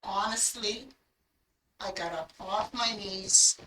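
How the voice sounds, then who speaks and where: A woman's voice: medium pitch, slow pace, pushed and bright, slight background noise. An older woman telling her life story in earnest, acting out the words she remembers saying. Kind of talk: personal storytelling. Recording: echoey room, voice from a distance.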